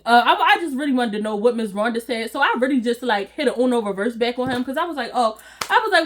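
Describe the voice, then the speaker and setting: High-voiced animated woman telling a story. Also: fast, few pauses. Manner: animated, slangy, acts out quoted voices; laughs often. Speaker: storytime vlogger. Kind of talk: casual storytime.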